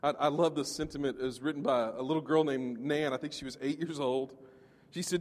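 A man's voice: mid-range voice, fairly even intonation, brisk, darkish tone. Fervent preacher man in an echoing hall. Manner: emphatic, asks the congregation questions. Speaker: pastor. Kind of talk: sermon.

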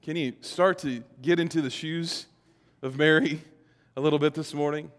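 A man preaching a sermon as pastor, swinging between loud, emphatic passages and quiet, reflective ones, acting out quoted lines. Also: on the high side, steady tone, normal speed, big-room sound.

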